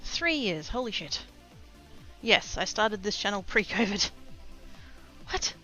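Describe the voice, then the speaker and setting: A cheerful Australian woman streaming from her craft room, talking into a headset. Her voice is bright and lively, leaping up in pitch when she gets excited. The sound is a little dull and lo-fi, with quiet music playing behind her. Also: slow pace. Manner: bubbly, giggly, exclamatory. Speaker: craft livestreamer. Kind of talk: casual livestream chat greeting viewers.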